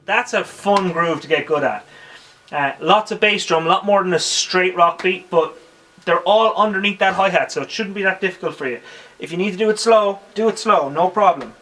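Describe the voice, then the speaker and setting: A man with an Irish accent teaching drums in a casual spoken tutorial, counting beats aloud between his explanations. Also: on the high side. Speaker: drum teacher. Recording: drum kit playing loudly behind.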